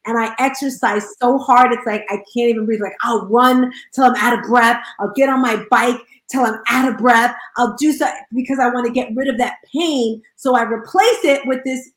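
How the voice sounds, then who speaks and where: A woman hosting a panel chat who talks in an upbeat, exclamatory way and sometimes shouts for emphasis. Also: a little high, fairly even intonation, normal speed, hardly any pauses. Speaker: host. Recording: roomy echo.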